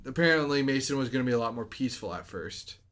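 A man co-hosting a casual movie podcast, chatty and fond of doing quick impressions. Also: medium pitch, lively intonation, a bit bright. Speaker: podcast co-host.

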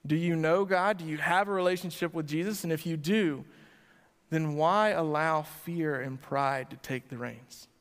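A male pastor preaching to a church congregation, asking them direct questions and swinging between loud emphasis and quiet lines. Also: a little high, normal speed. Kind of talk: sermon. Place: church sanctuary before a congregation. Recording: long hall reverb.

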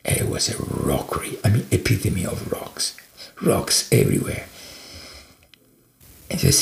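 A man telling a story in an animated, halting way. His voice is strongly gravelly and swings widely in pitch, and it is recorded in an echoey room. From Italy. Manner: animated, with many restarts and fillers. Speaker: podcast guest.

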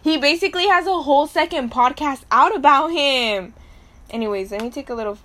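A young woman hosts a casual storytelling podcast and speaks straight to her listeners. Her voice is high and bright, and her delivery is blunt, crude and full of slang and swearing. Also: lively intonation, fairly quick. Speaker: podcast host.

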